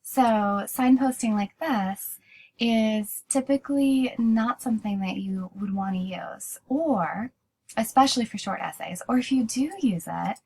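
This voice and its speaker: A woman's voice: on the high side, measured pace, mellow, slightly rough, low-quality recording. A woman teaching a writing class in a recorded lecture, explaining steadily and often restarting with "so".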